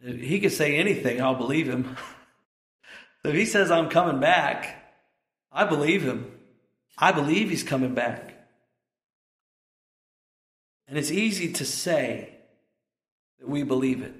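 A man preaching a sermon as pastor, impassioned and building to shouted peaks. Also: a little high, animated, unhurried, pauses often, reverberant.

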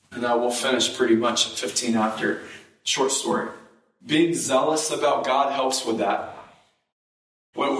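A man preaching a sermon and telling a personal story, his voice jumping up high when he gets excited. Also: echoey room, recorded from a distance, rough recording.

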